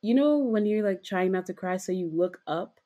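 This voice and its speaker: A woman's voice: mid-range voice, expressive, normal speed, mellow. A young woman co-hosting a podcast, retelling a dream in a rambling, giggly way with lots of fillers and casual swearing. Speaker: podcast co-host.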